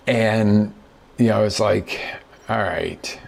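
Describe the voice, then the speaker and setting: A man's voice: fairly low pitch, animated, takes it slowly, gravelly, pauses often. A middle-aged man hosting a show as a business coach, telling stories in a casual motivational talk and acting out the quotes. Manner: conversational storyteller who acts out quotes.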